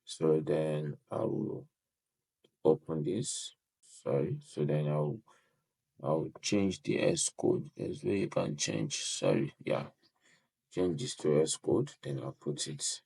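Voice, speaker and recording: Male tutorial host, casual walkthrough, very low and husky voice, rambling "so"-heavy delivery. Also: lively intonation, slow, warm tone. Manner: rambling, starts most phrases with "so", apologizes often while clicking. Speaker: web design tutorial host. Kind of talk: casual screen-share walkthrough.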